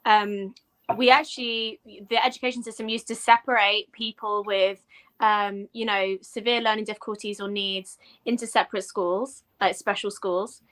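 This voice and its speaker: A woman with an English accent, a guest in a casual podcast interview, explaining things in a measured way with frequent ums and you-knows. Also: medium pitch, little pitch movement, fairly bright tone. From England. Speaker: guest, education professor.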